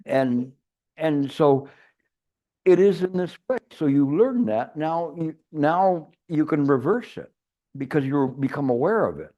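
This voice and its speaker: A man's voice: on the high side, expressive, unhurried, muffled recording. A man giving a Chan meditation teacher's retreat dharma talk, rambling and restarting, with playful everyday examples. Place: retreat hall.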